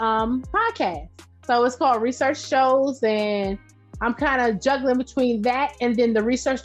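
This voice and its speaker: Loud, direct woman with a high voice. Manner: direct, loud, animated storytelling with laughs. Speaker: podcast guest, entrepreneur. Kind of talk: casual interview chat. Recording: dull lo-fi sound.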